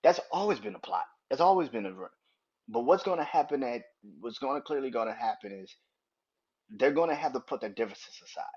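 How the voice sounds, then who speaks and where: A man hosts a casual podcast, his voice husky and his pitch swinging in a lively way. He rambles and swears, restarting his sentences as he goes. The recording sounds dull and lo-fi. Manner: animated, profane, talks in quick rambling restarts. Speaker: podcast host. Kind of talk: casual wrestling review podcast.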